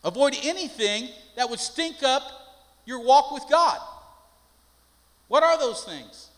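A man's voice: extremely high pitch, lively intonation, takes it slowly, a bit bright. An older man, a pastor, preaching a sermon with folksy stories that build into emphatic preaching. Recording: long hall reverb.

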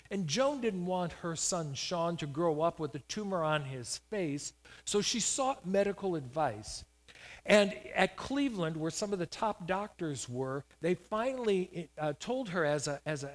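A male pastor giving a sermon, telling a healing story with emphatic rises. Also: a little high. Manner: storytelling preacher, rising to loud emphatic peaks.

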